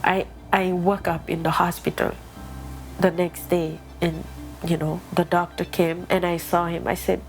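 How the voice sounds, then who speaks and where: Earnest woman, lowish voice. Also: little pitch movement, a little slow, faint music behind. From Guinea. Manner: earnest, confessional. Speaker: documentary subject. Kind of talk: personal interview.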